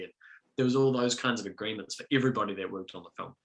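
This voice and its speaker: A man's voice: fairly low pitch, rapid-fire, low-quality recording. A young man with a New Zealand accent, a filmmaker guest chatting casually and self-deprecatingly, with many fillers. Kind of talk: casual video-call discussion.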